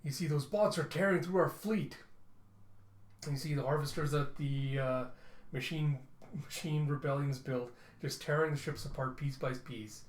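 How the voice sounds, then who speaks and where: A man casually narrating a comic readthrough with rambling asides. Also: on the high side. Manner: rambling, quick asides with fillers. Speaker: comic reviewer. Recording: roomy echo.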